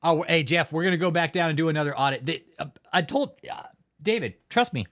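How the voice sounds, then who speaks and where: A man's voice: fairly high pitch, lively intonation, brisk, fairly bright tone. A man hosting a livestream, chatting casually and reading out viewer comments in a profane, mocking way, laughing often. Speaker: livestream host.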